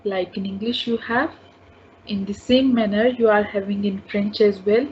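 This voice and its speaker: A woman of medium pitch, with a steady tone and moderate pace, teaches French and patiently repeats each word and sound several times. This slow spoken language lesson is recorded in dull lo-fi audio with faint ambient noise.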